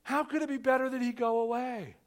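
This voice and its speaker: Male pastor, very high voice, animated conversational sermon delivery with frequent restarts. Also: fairly quick.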